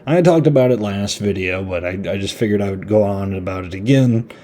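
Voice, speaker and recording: A man's voice: on the low side, a little fast, mellow, slight background noise. A man hosting a podcast, giving a casual, rambling horror movie review in a laid-back, chatty way. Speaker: podcast host.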